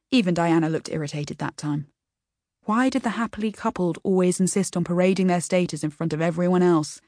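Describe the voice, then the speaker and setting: A woman's voice: fairly low pitch, a little fast, darkish tone, no echo, studio quality. A woman narrating a first-person audiobook in a wry, self-deprecating storytelling manner.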